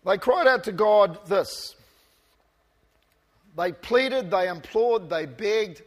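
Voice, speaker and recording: A man with a high voice preaches a passionate sermon in a church. His voice swings from quiet, almost murmured asides to loud calls, with a light self-mocking humour. A long reverb trails every phrase. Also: animated, slow. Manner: self-deprecating humour with the congregation. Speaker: pastor.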